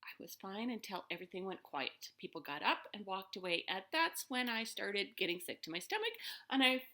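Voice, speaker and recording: A woman's voice: medium pitch, lively intonation, a little fast, pushed and bright. A woman telling a personal story to the camera in a casual, rambling way, with lots of fillers and restarts.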